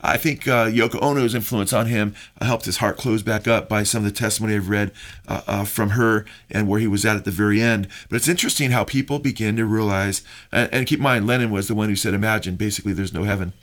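A man's voice: on the low side, fairly even intonation, fast, fairly bright tone. A middle-aged man hosting a Christian radio talk show, speaking in an earnest preaching tone with many fillers. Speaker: radio show host and pastor.

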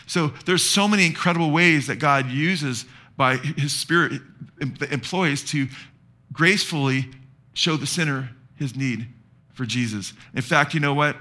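Pastor, male, bright and forceful, slightly high voice, preaching with call-and-response. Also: moderate pace. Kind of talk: sermon.

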